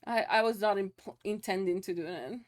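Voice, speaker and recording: A woman's voice: medium pitch, normal speed. A young woman streaming live, chatting loosely with her viewers, laughing often and swearing casually.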